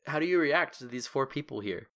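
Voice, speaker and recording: A patient game master narrating a tabletop game and prompting the players, with a lively, varied pitch. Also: a little fast.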